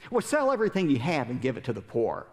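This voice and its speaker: A man's voice: mid-range voice, huge pitch swings, quick pace, darkish tone, in a large hall. A man voicing a wry adult male teacher who speaks in a dry, mock-impressed way. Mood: teasing.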